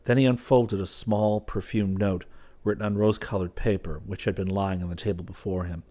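Low-voiced man narrating calmly. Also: fairly quick. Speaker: audiobook narrator. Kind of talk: scripted narration.

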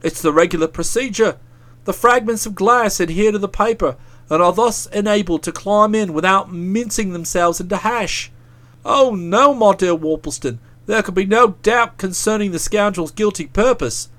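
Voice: mid-range voice, moderate pace, a bit bright, voice pushed down, natural voice. A reader voicing a self-satisfied young man who talks in a breezy, pompous way. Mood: smug, breezy. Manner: breezy, pompous, pleased with himself. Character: self-satisfied young male writer, jaunty.

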